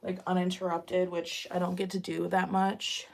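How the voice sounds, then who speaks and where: A young woman with a slightly low voice talks casually to her viewers at home while doing chores. She rambles along with plenty of fillers, sounding a little out of breath as she works. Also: monotone, moderate pace, gravelly, slight background noise. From Massachusetts. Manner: chatty, rambling, many "like" and "um" fillers. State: a bit out of breath. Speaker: vlogger chatting with viewers.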